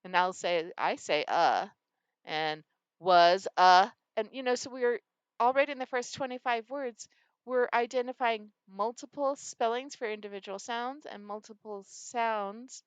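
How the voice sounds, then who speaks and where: A woman's voice: on the high side, a little slow, smooth, no room sound. A woman reading teacher explaining a phonics game and acting out her students' answers. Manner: animated, acts out student answers.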